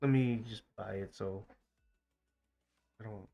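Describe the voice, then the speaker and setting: A man streams a game live and mutters his way through it, swearing whenever a pull goes badly. He talks slowly in a mid-range voice, clearing a scratchy throat now and then, with faint music playing underneath. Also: lowish voice, dull audio. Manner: frustrated, swearing, muttering to himself. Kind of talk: live gaming stream commentary.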